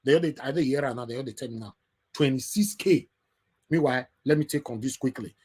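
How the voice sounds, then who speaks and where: A man with a Nigerian Pidgin English accent hosting an online call-in show, lecturing in a preachy way that rises to loud emphatic bursts. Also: medium pitch, quick pace, breathy edge. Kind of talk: impassioned live talk show.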